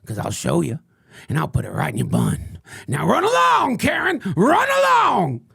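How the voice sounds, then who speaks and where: Man playing a gravelly unhinged crank, rambling crude tirade, comedic monologue. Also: lowish voice, wildly swooping pitch, a little fast, darkish tone, dry recording, studio quality, pitched below the performer's own voice, exaggerated voice. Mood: ranting. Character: unhinged ranting male conspiracy crank.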